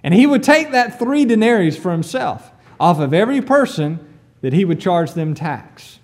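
A male preacher telling a story in a sermon, with an animated manner and rhetorical questions. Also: sits high, moderate pace.

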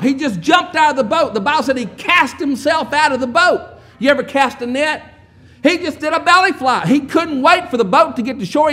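A man preaching a sermon, telling the story with wry asides and often clearing his throat. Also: sits high, a bit bright.

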